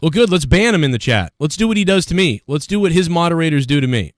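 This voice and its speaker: A man's voice: a little high, animated, quick pace, dry recording. A man hosting a livestream, ranting in an aggrieved tone and reading out chat comments. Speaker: livestream host.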